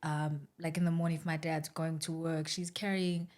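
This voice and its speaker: A young woman, guesting on a podcast. Her voice sits a little low for a woman. She tells stories in a lively, casual way and laughs easily. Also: moderate pace. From South Africa. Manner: animated storyteller who laughs easily. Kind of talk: casual chat.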